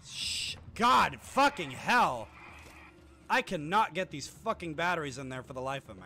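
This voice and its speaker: A man streaming a horror game live, talking to himself and shouting and swearing at the enemies chasing him. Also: on the high side, animated, a little slow, slight background noise. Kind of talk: live gameplay commentary.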